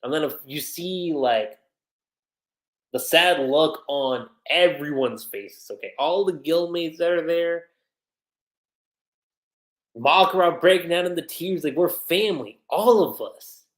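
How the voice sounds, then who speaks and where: A man's voice: a little high, slow, pauses often. A man hosting a livestream and casually recapping an anime episode in a chatty way, using lots of fillers. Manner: chatty, many fillers, quotes characters. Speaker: anime reviewer, livestream host. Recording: roomy echoey room.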